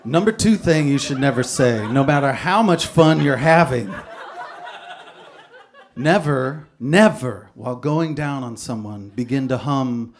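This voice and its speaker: A man's voice: medium pitch, lively intonation, unhurried. Offhand male stand-up comic. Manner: dry, offhand delivery with sudden bursts of energy. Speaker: stand-up comedian and poet. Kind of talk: live stand-up comedy.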